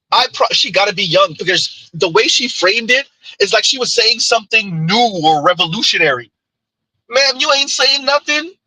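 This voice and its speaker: A man hosting a livestream who reads viewer comments aloud in an animated, teasing way. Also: high-pitched, husky, dry recording, poor audio. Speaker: livestream host. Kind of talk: reading live chat comments.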